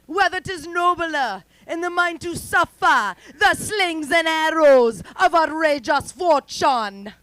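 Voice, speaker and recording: A woman voicing a grand theatrical Shakespearean actor with a slight lilting accent, reciting slowly and dramatically on a comedy stage. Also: lively intonation, fairly bright tone, no echo, exaggerated voice, poor audio. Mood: declamatory. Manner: slow, booming dramatic recitation.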